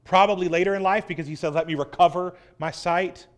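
Male preacher with a high voice, dramatic sermon reading. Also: steady tone, brisk. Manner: dramatic scripture reading, swelling loud then dropping soft. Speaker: pastor.

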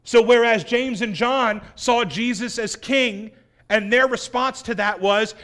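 Male preacher with a high voice, dramatic sermon reading. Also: measured pace. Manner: dramatic scripture reading, swelling loud then dropping soft. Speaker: pastor.

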